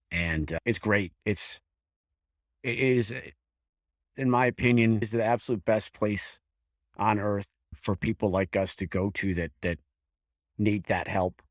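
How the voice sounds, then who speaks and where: A man in his fifties from the Buffalo area, a career firefighter telling his story frankly in an interview, with halting restarts and some swearing. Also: sits low, no room sound, clean studio sound. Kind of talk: candid personal storytelling in an interview.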